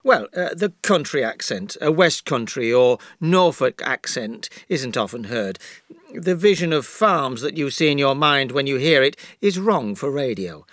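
A man with a Yorkshire accent, a professor answering questions as a guest in a scripted interview, explaining in a measured way. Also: medium pitch, lively intonation, fairly bright tone, no echo, clean studio sound. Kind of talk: scripted listening-exercise interview.

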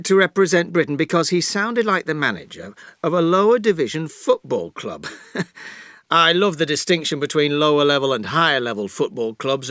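A man with a Yorkshire accent, a professor answering questions as a guest in a scripted interview, explaining in a measured way. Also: fairly high pitch, bright, forceful tone, no room sound, clean studio sound. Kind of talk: scripted listening-exercise interview.

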